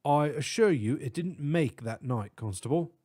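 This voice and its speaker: A man's voice: on the high side, animated, moderate pace, dark tone. A man voicing a frail, fussy middle-aged male professor with a British accent, polite and reassuring. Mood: explaining.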